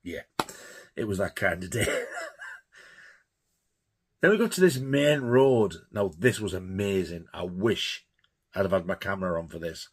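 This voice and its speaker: A man's voice: low-pitched, expressive, moderate pace, long pauses, slightly rough. A man telling a rambling, laughing anecdote on his vlog, swearing freely. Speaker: vlogger.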